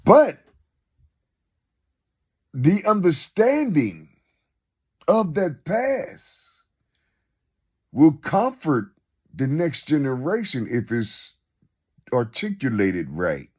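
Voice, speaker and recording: A man's voice: mid-range voice, wildly swooping pitch, slow pace, long pauses, slightly rough. A man in a rambling, unscripted monologue who keeps asking rhetorical questions and repeating himself. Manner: unscripted, loose and conversational. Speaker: speaker sharing reflections.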